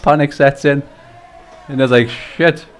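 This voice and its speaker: A man's voice: on the low side, fairly quick. A man hosting a live stream and commentating a sim race, chatty, laughing often and swearing casually.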